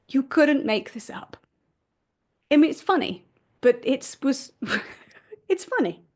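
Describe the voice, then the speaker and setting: A woman podcast host telling a story in a self-deprecating way, laughing at herself. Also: medium pitch. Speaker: podcast host and family constellations facilitator. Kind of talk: storytelling monologue.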